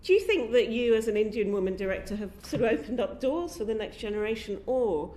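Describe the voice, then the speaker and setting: A woman committee member asking a witness questions in a chatty, proud, warm manner. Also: a little high, animated, quick pace, echoey room, a little hiss or hum. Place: committee room.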